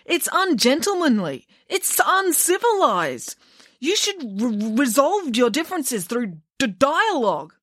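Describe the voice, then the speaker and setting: Lady doing a jumpy teen boy, stammers, voice goes way up high. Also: big pitch swings, a little slow, fairly bright tone, dry recording, clean studio sound, full character voice. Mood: flustered. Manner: stammering, fussy and earnest. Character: timid, flustered teenage boy who stammers.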